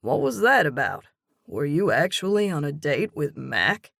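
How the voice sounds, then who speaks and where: A woman voicing a relaxed, gently amused young man in an audiobook. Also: deep voice, unhurried, vocal fry, dry recording, studio quality, full character voice. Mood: teasing. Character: easygoing, teasing young man, old friend.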